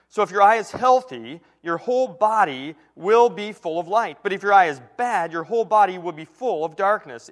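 A man with a fairly high voice delivers a sermon to his congregation. He teaches in an earnest, steady way, often slowing down and falling to a near hush to press a point home. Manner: earnest teaching tone, slows and drops to a hush at key lines. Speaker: preacher.

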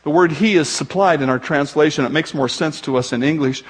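A man's voice: a little high, brisk, slightly rough. A man preaching a sermon as pastor, talking conversationally with joking asides to the congregation.

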